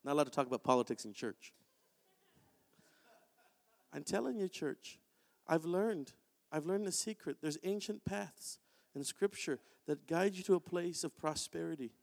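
A man delivers a sermon in a lively, conversational manner. His voice sits high for a man. The sound rings with a long reverb from a church sanctuary. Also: moderate pace, vocal fry, pauses often. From Canada. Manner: animated, conversational preaching with acted-out quotes. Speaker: pastor.

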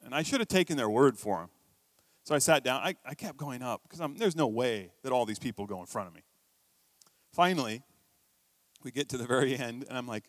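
Storytelling pastor with a dry close sound. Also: male voice, mid-range voice, animated, brisk, pauses often, no room sound. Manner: conversational storytelling preacher, swings between quiet asides and emphatic bursts. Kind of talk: sermon.

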